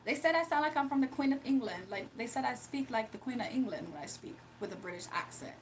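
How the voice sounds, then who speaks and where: Streaming casually from home in the early morning, a woman reads viewers' chat aloud and answers them directly, laughing often in a chatty way. Her voice sits a little high and is expressive, with a quick pace and slight background noise.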